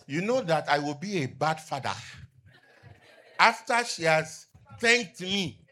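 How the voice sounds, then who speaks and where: A middle-aged man preaching a sermon as pastor, asking the congregation to finish his lines and rising to shouts. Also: on the high side, expressive, slow. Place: church with outdoor canopy seating.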